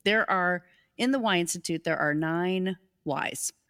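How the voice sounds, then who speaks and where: A woman's voice: fairly low pitch, a little slow, a bit bright. A woman hosting a casual live stream on leadership, upbeat and enthusiastic and often laughing.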